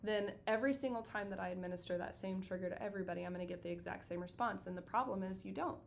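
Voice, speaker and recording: A middle-aged woman counselor talking through therapy concepts in a relaxed, chatty way. She tells stories with animation and plays out the voices of the people in them. Faint noise and a low rumble sit under her voice. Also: very fast, gravelly. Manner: animated storyteller acting out quoted voices. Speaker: counselor and podcast co-host. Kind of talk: casual explanatory chat.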